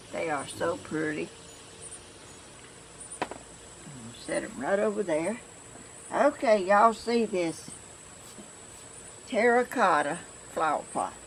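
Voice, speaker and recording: An older woman from Georgia with a flat Southern accent, chatting casually and rambling to her viewers as she shows a crafting project at home. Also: on the low side, gravelly, a little hiss or hum, low-quality recording. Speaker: craft vlogger.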